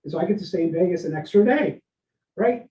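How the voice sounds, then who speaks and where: A man giving a leadership workshop, energetic and interactive, often asking his listeners questions and tagging lines with "right?". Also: sits high, quick pace. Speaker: leadership speaker. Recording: roomy, dull lo-fi sound.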